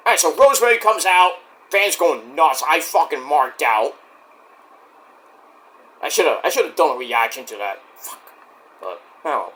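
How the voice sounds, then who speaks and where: A man giving a casual solo review of a wrestling show, excitable and profane, breaking into rants. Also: fairly high pitch.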